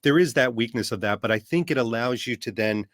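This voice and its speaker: A man talking as a guest on a podcast, animated and full of rhetorical questions. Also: medium pitch, a little fast, no room sound. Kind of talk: casual chat.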